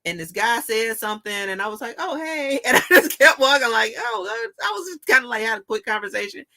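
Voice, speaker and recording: A woman hosting a casual chat, telling stories in an animated way, laughing often and swearing casually. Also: a little high, fast talker. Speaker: show host.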